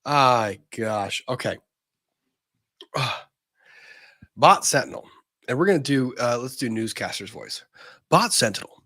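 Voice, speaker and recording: A man's voice: medium pitch, slow, long pauses, fairly bright tone. A male host reading a legal filing aloud, breaking off for sarcastic asides. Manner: sarcastic asides between read passages.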